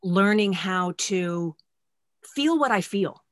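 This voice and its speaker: A woman hosting a podcast who speaks frankly and self-deprecatingly, with halting restarts. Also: mid-range voice, lively intonation, no room sound, studio quality. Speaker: podcast host. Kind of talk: candid podcast conversation.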